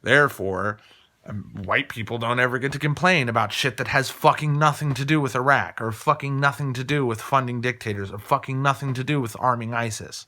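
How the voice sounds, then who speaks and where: A man's voice: mid-range voice, brisk, sharp tone. Heated, swearing man on a rant. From Colorado, USA. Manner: heated, swearing, repeats phrases for emphasis. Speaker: political commentator. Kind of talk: profane opinion rant.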